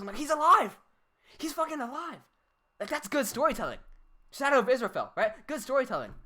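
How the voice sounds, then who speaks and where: Lively, animated woman ranting on a livestream. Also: lowish voice. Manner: heated, profane ranting with frequent laughter. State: a bit tipsy from drinking. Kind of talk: livestream rant.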